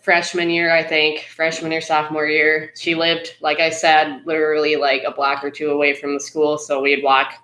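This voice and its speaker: A woman's voice: low-pitched, monotone, normal speed, hardly any pauses, a bit bright. Chatty woman in an echoey room. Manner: easygoing, chatty, with filler words. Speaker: podcast co-host. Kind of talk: casual storytelling chat.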